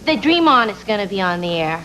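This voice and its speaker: A woman's voice: mid-range voice, sing-song, quick pace, very noisy. A woman who is an actress guest on a talk show, talking in a chatty, rambling, self-mocking way.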